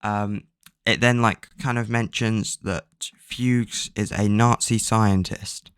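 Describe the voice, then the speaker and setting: A man's voice: fairly low pitch, steady tone, slow, a bit bright, smooth, dry recording, studio quality. A man casually recapping a book's plot, rambling with lots of fillers and offhand swearing. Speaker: book recap vlogger.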